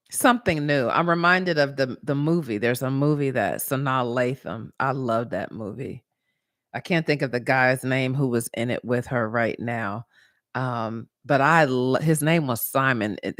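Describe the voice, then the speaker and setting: A woman hosting her podcast, telling a personal story in a casual, motivational monologue and jumping into a high voice when she retells her own thoughts. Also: no echo, studio quality. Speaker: podcast host.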